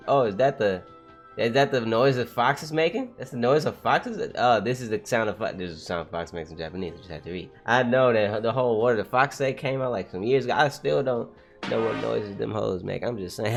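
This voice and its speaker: An excitable man reads a comic aloud and reacts as he goes, switching between plain reading and loose slang commentary. His pitch swings widely as he gets worked up. A little music plays faintly behind him. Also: gravelly. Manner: slangy, excitable, laughs often. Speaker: manga reaction streamer. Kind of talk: casual read-along commentary.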